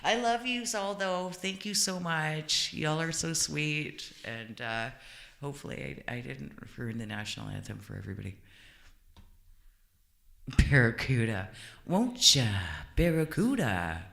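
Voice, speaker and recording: A woman's voice: low voice, normal speed, creaky, a bit bright. Giggly shy middle-aged woman, echoey room. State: stuffed-up nose. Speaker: guest singer on a live music stream. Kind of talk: casual chat. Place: hot indoor room under lights. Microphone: headset.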